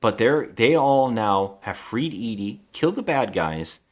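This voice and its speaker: A man's voice: mid-range voice, animated, a little slow. A man co-hosting a podcast, casually recapping a movie plot in a rambling way, acting out quotes and swearing. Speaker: podcast co-host.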